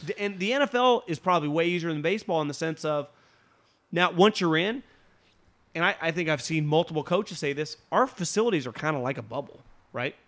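Emphatic male sports talker, slightly higher voice. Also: animated, a bit bright. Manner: fast, emphatic, frequent restarts and swearing. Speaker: sports talk co-host. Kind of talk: casual sports chat.

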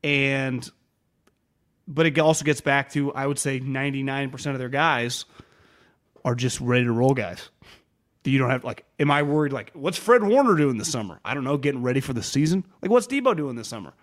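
A man co-hosting a casual sports podcast, talking in an animated way and acting out players' quotes. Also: mid-range voice, brisk. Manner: animated, quotes players in mock voices, many restarts.

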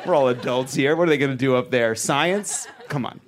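A man anchoring a satirical comedy news segment, delivering jokes deadpan and breaking into asides. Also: medium pitch, fairly quick, background noise.

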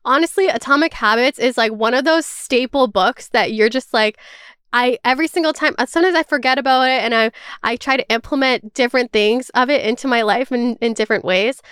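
High, clear-voiced young woman rambling. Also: fairly quick, a bit bright, dry recording, studio quality. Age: 20s. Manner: rambling, fills with "like", swears freely; candid and emotional. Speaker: podcast host. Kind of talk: casual chat.

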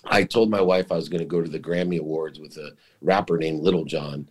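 Deep-voiced middle-aged male guest, confessional and emotional storyteller. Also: fairly even intonation, fairly quick, darkish tone, slight background noise. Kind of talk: personal storytelling in interview.

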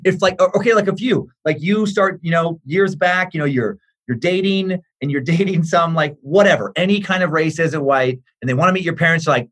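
A man's voice: fairly high pitch, a little fast, hardly any pauses, fairly bright tone. A man who is a comedian, a guest on a podcast, rambling in casual chat with many fillers and emphatic swearing.

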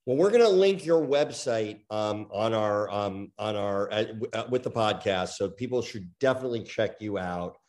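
A man's voice: lowish voice, expressive, moderate pace, hardly any pauses, darkish tone. A man co-hosting a podcast, asking questions in a dry, hesitant way with many fillers. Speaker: podcast co-host. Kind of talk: casual podcast chat.

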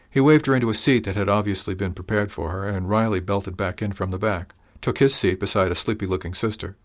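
A man narrates a storybook in a calm, measured way. His voice sits a little low, and he reads at an unhurried pace. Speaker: audiobook narrator.

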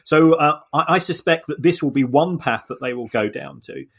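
A man's voice: a little high, normal speed, gravelly, a bit bright, slightly rough. A man co-hosting a podcast, explaining things in a casual discussion with frequent restarts and repeated words. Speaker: podcast co-host.

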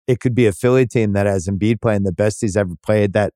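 A man's voice: lowish voice, quick pace, mellow, no room sound, studio quality. A man hosting a sports podcast, thinking aloud in casual chat with restarts and the odd swear. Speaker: podcast host.

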